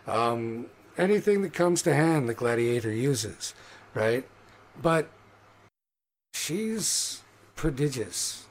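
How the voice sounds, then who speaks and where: A man narrating a tabletop game as game master in a loose, profane, energetic way. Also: medium pitch, slow, long pauses, slight background noise.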